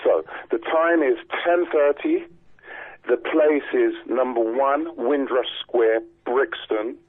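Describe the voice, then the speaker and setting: A man's voice: medium pitch, takes it slowly. A male guest on a radio show, speaking earnestly and with many hesitations. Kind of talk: radio interview. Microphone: telephone. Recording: tinny phone line.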